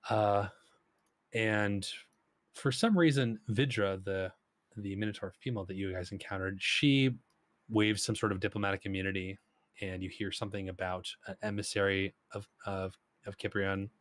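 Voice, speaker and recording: A man narrating a tabletop session as game master, with plenty of ums and restarts. His voice sits low and is recorded dry and close. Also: fairly even intonation, moderate pace, dry recording. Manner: rambling, lots of fillers.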